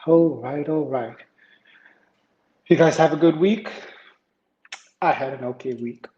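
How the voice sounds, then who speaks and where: This man hosts a live tech show from a home setup with an iPad camera and PC, rambling through news stories, greeting viewers in chat and using lots of fillers. His voice is fairly high and dark-toned at a measured pace. The echoey room sounds dull and lo-fi, with a little hiss or hum.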